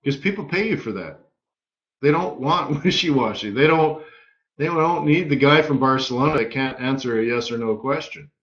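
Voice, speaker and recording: A man hosting a live trading webinar, telling stories in an energetic, emphatic way with punchy repeated phrases. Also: medium pitch, normal speed. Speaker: forex market strategist hosting a live webinar. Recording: roomy, slightly dull webinar audio.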